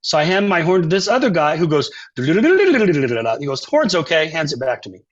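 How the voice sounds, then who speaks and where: Older male musician guest, slightly high voice, animated storyteller with a dull lo-fi podcast sound. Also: quick pace. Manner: animated storyteller, acts out quotes and sings phrases. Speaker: composer and saxophonist guest. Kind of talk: conversational interview storytelling.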